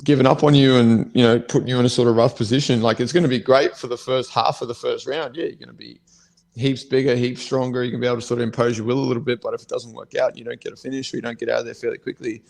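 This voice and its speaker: A man's voice: medium pitch, level tone, fast talker, gravelly, a little mellow. A man, co-hosting a podcast as a fighter, talking bluntly and swearing in a rambling casual chat. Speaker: co-host, fighter.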